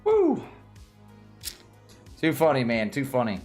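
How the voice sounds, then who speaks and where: Southern tennessee guy streaming, chatty and giggly, kinda high voice, faint music in the back. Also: moderate pace. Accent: Southern American. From Tennessee, USA. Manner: laughs often, lively and excitable. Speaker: livestream host. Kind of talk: casual livestream chat.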